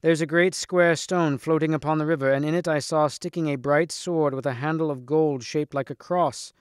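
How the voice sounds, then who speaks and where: A man voicing an eager young male squire bringing news, in an excited manner, in a storybook reading. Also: a little high, moderate pace, clean tone, dry recording, clean studio sound, natural voice.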